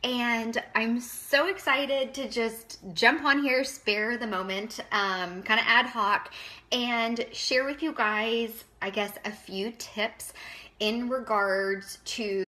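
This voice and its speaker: Bright-voiced nervous woman coach. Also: a little high, steady tone, slow pace. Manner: nervous, emotional, chatty with many fillers. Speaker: wellness business coach. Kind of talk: casual live-stream talk.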